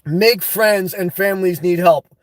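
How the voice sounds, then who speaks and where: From inside his car, a man hosts a livestream, reading viewer comments and answering bluntly before often launching into loud, laughing rants. His voice sits high and he talks a little slowly, with no echo.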